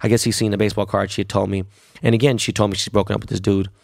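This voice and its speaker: A man hosting a podcast, telling a story in a profane, animated, casual way. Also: on the low side, very fast, gravelly, no room sound, clean studio sound. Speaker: podcast host.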